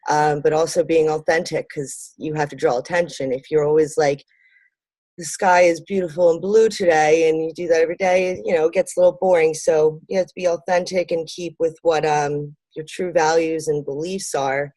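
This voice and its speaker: A woman with a low, mellow voice answers interview questions in a relaxed, rambling way, full of ums and little laughs. The sound is dry and close. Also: brisk, hardly any pauses, dry recording. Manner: lots of ums and fillers, laughs easily. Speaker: interview guest, marketing business owner. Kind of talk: conversational interview.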